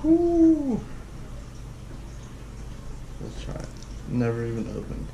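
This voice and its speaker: A vlogger chats casually through a taste challenge, exclaiming and groaning at what he tries. His voice is lowish and he speaks at normal speed. The lo-fi recording comes from an echoey room with loud background noise.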